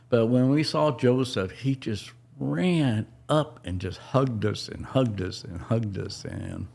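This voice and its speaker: Middle-aged guy, slow gravelly voice, telling a personal story on a podcast, halting and emotional, lots of restarts. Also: on the low side, darkish tone.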